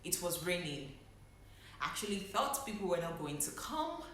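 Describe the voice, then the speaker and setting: Her lowish, somewhat bright voice is very animated and moves at normal speed, with a little hiss or hum underneath. The young medical doctor reflects on her own experiences for a vlog, keeping her emotions in check, and the room echoes heavily.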